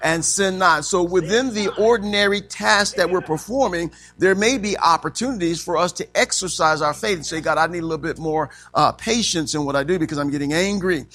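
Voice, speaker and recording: A man preaches from a set outline in a high, light voice. He calls out questions for the congregation to answer and fills his pauses with amen. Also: pushed and bright. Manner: call-and-response preaching, frequent amens. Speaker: pastor. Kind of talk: sermon.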